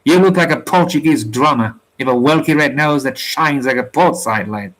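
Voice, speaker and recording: A man reading aloud, voicing a quarrelsome, boastful sailor who hurls colorful insults in rough sailor's slang. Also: medium pitch, moderate pace, fairly bright tone, natural voice, low-quality recording. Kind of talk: storybook reading.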